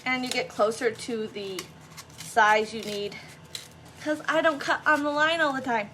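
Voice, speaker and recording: Woman craft vlogger, bright high voice, chatty and self-mocking, slight background noise. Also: a little slow. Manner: chatty, self-deprecating, talks to viewers as guys. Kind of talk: casual crafting tutorial.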